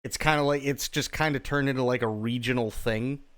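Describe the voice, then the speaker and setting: A man's voice: medium pitch, steady tone, fairly quick, a bit bright, smooth. A man livestreaming a game, chatting casually and rambling, with restarts and casual swearing.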